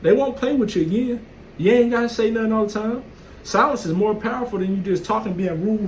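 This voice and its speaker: A man's voice: high voice, a little fast, slight background noise, poor audio. A man telling a casual, profane story in a blunt, streetwise way. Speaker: vlogger. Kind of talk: casual monologue.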